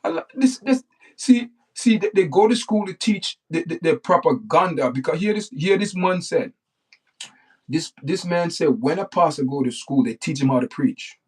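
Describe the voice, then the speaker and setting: A man's voice: a little high, animated, normal speed, breathy edge. A man hosting a livestream, talking off the cuff in a blunt, repetitive rant that circles back on the same points. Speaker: livestream host. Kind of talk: unscripted livestream monologue.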